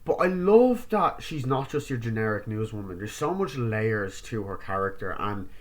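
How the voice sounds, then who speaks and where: A man giving a casual film review, rambling and swearing as he retells scenes with quick acted-out quotes. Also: lowish voice, very animated. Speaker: movie reviewer.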